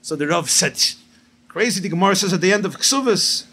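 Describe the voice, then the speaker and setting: A rabbi preaching at a gathering, telling stories and jokes, mixing in Hebrew and Yiddish terms. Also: male voice, high-pitched, brisk, sharp tone, breathy edge.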